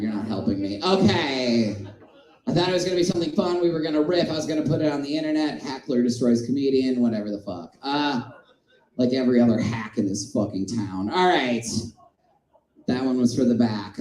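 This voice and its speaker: A man doing a stand-up set in a small comedy club, crude and self-mocking, swinging between shouting and mumbling. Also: medium pitch, echoey room, poor audio.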